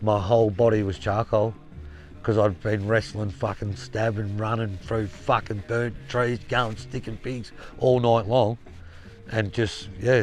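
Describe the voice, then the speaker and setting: An Australian man telling a rambling yarn in casual spoken style, blunt and swearing freely. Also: fairly low pitch. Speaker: storyteller.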